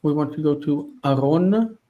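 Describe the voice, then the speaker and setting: A man's voice: a little high, expressive, moderate pace, dark tone, lo-fi sound. A man teaching an online class, thinking aloud as he checks references partway through sentences. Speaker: Hebrew teacher. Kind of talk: live online class, working through texts. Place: home studio with one light.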